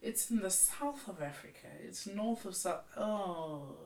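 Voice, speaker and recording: A woman's voice: mid-range voice, animated, measured pace, a little mellow, recorded from a distance. A woman from Zimbabwe co-hosting a podcast in casual chat, musing aloud and trailing off. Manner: musing, trailing off in repeated hedges. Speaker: podcast co-host. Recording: echoey room, away from the mic.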